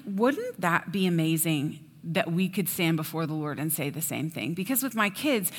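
A woman giving a sermon in a chatty, animated storytelling way. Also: mid-range voice. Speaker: preacher. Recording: long hall reverb.

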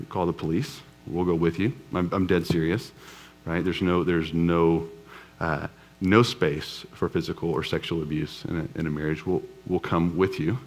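Low-voiced pastor, conversational. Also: male voice. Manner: conversational storytelling with humor. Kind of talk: sermon. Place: church before a live congregation.

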